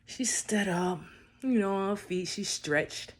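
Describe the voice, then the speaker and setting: A man's voice: high-pitched, slow pace. A young man casually telling a personal love story in a laid-back way, full of little verbal fillers. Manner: laid-back, peppered with "you know".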